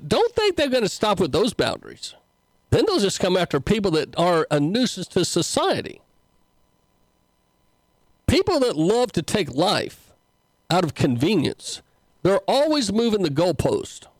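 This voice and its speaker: A man's voice: high-pitched, dry recording, low-quality recording. Folksy preaching man, dry close sound. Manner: folksy, conversational, with frequent fillers and restarts. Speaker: pastor and show host. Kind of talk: casual political commentary and preaching.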